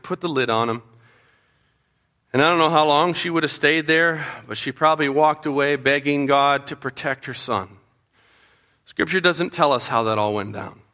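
A man preaching a Bible story to children, animated and acting out the voices of the people in it. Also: a little high. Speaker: children's pastor. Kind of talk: storytelling sermon.

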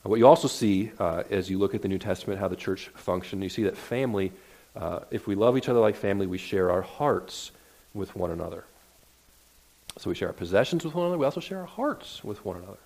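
A man's voice: on the low side, animated, fast, a little mellow. A man preaching a sermon to his congregation in a church, earnest and conversational, often restarting his sentences as he works toward a point. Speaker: pastor. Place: church sanctuary.

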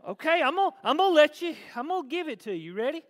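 A man's voice: very high-pitched, sing-song, quick pace. A man preaching a sermon to his church, conversational one moment and emphatic the next. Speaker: pastor. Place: large church hall. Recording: long hall reverb.

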